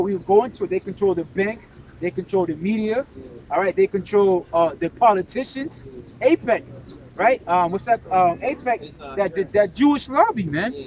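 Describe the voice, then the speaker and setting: A man's voice: high voice, low-quality recording. A man preaching during a scripture discussion, emphatic, often asking "right?" and tagging "man" onto his lines. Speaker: religious teacher.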